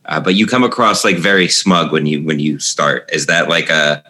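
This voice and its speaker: A man hosting a podcast, asking a comedian about his jokes in a halting, casual way. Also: rumbling low, steady tone, bright, forceful tone. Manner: halting, many fillers and restarts. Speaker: podcast host. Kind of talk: interview questions, casual chat.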